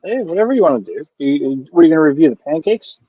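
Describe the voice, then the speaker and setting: A man's voice: a little high, expressive, rapid-fire, mellow, breathy edge, no echo, dull audio. A man co-hosting a beer review live stream, filling the gaps with dry joking commentary in casual chat. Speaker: beer review podcast co-host.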